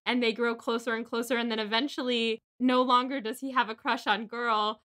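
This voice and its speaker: Bright chatty young woman podcaster. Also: fairly high pitch, level tone, a little fast. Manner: chatty, swears, acts out quotes. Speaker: podcast co-host. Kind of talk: casual book-club chat.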